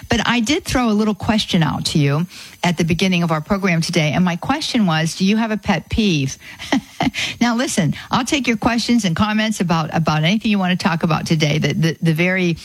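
A woman's voice: on the low side, no echo, rough recording. A middle-aged woman hosting a live call-in radio show, chatty and friendly, often repeating the phone number. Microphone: studio microphone.

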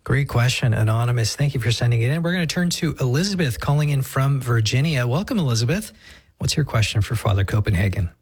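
Male call-in host, brisk, faintly husky, dry sound. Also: mid-range voice, animated, a little mellow, no echo. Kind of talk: radio hosting.

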